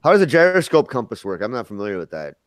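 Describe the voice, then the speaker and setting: A man in a casual stream chat, asking quick questions and laughing often. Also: medium pitch, big pitch swings, no echo.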